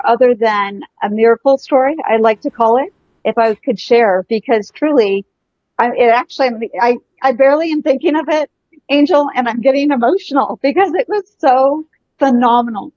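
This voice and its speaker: A woman's voice: fairly high pitch, normal speed, darkish tone, no echo, highs cut off. A woman guest telling an emotional story, effusive and full of breathless exclamations, speaking over a video call. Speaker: guest, energy healer.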